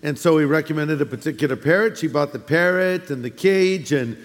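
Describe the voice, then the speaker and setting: A man with a high voice delivers a folksy sermon, full of restarts and little asides to the congregation. The sound rings with the long reverb of a large church sanctuary. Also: a little fast. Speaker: pastor. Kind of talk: sermon with humorous storytelling.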